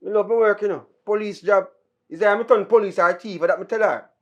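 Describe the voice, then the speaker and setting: A hot-tempered Jamaican police officer, played by a woman, arguing in heated, defensive Patois. The voice sits at an ordinary middle pitch. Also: a little fast, dull audio, natural voice. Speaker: actor in a Jamaican film. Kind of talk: film acting.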